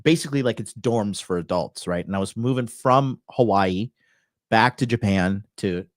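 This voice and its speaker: A dating coach hosting a talk show podcast in Tokyo tells a crude story in a brash, swaggering, profanity-laden way. His voice is lowish at normal speed, recorded in studio quality with no echo.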